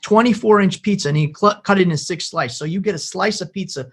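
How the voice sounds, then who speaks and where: A man's voice: high voice, a little fast, breathy edge. A man from the Chicago suburbs, co-hosting a podcast and telling a story in a rambling way, often restarting his sentences. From Chicago suburbs, USA. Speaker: podcast co-host. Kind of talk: casual podcast conversation.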